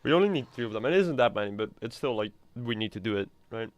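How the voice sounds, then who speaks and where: A man's voice: on the low side, expressive, fast. A man streaming a video game live, chatting and rambling casually and swearing freely. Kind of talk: casual live gameplay commentary.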